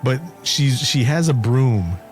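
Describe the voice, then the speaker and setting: A man's voice: medium pitch, expressive, takes it slowly, faint music behind. A man casually retelling a movie's plot on a podcast, rambling and cracking jokes along the way. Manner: rambling storyteller, jokey asides. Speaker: podcast co-host. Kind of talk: casual movie recap chat.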